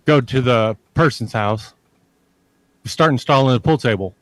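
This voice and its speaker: A man's voice: medium pitch, a little slow, a bit bright, no echo. A man telling a long personal story as a podcast guest. He rambles, repeats himself and curses freely. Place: lives near a large army base in Texas.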